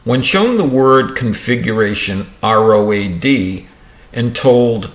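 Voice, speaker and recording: A man's voice: mid-range voice, sing-song, slow pace, a bit bright, roomy sound. A man reading a book on teaching aloud, stopping to restart misread words and add his own remarks. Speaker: reader of a book on dyslexia.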